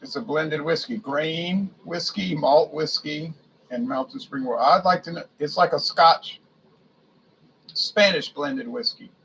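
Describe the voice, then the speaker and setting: Gravelly man reading a liquor list. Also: a little high, animated, a little slow, fairly bright tone, a little hiss or hum, poor audio. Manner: muses aloud, stumbles over foreign names. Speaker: beer and spirits reviewer. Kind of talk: casual reading aloud from a liquor catalog.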